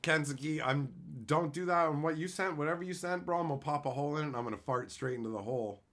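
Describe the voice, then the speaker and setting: A man chatting casually with his livestream viewers, crude and joking, swearing freely as he tells animated bits. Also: a little high, quick pace. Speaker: streamer answering chat.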